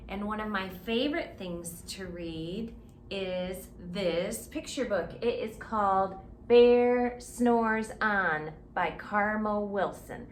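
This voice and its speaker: A woman librarian reads a picture book aloud at children's story time, often pausing to ask the kids questions. Her voice is medium-pitched, the room sounds roomy, and the background is noisy.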